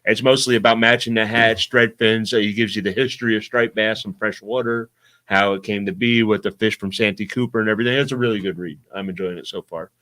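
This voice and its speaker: A middle-aged man chatting as a podcast guest, relaxed and easygoing as he tells fishing stories. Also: fairly low pitch, quick pace. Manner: relaxed, easygoing, drifts quieter when winding down. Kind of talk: casual storytelling chat.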